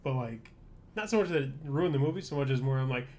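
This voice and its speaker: A man talks casually as a podcast co-host, rambling from point to point with wry, opinionated asides. His voice sits at an ordinary middle pitch. A faint hiss lies under the recording. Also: expressive, fast talker, a little mellow. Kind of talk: casual chat.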